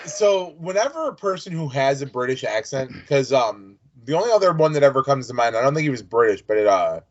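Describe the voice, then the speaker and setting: A man's voice: medium pitch, sing-song, a little fast. A man co-hosting a podcast in casual chat, leading topics with frequent restarts. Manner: chatty, leads topics, hesitant restarts. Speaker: podcast co-host. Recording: dull lo-fi sound.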